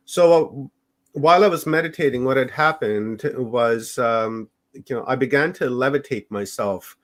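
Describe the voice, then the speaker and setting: A middle-aged man from Canada, a podcast guest recounting his own experiences in a loose, unhurried way. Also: mid-range voice. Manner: unhurried, rambling storytelling. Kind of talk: personal storytelling in an interview.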